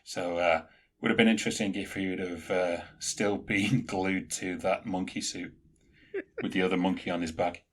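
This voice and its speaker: Male podcast co-host, low-pitched and husky, chatty and rambling. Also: steady tone, moderate pace. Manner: rambling, piles up film trivia. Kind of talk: casual chat.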